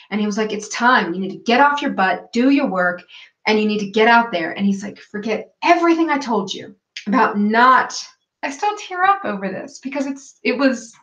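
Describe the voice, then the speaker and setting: A woman guest in a casual interview, telling a personal story in an animated way and acting out what others said. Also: a little high. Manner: animated storytelling, acts out quoted voices. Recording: echoey, dull lo-fi call audio.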